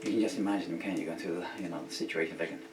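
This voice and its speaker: A British singer-songwriter delivers a casual, joking monologue at home, chuckling and wandering off on tangents. His low voice holds a steady tone as he races along over loud music. The room sounds roomy, with a distant mic and a faint hiss.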